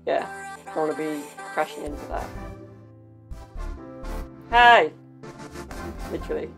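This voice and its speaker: A man's voice: fairly high pitch, monotone, quick pace, vocal fry, soft background music. A man with a British accent giving casual, blunt and exclamatory reaction commentary with cheeky banter. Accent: British English. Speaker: video commentator.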